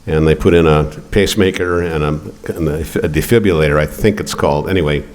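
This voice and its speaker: An older man telling a story at a poetry reading in an art gallery, rambling and profane, halting with fillers. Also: very deep voice, fairly even intonation, a little mellow. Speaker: poet.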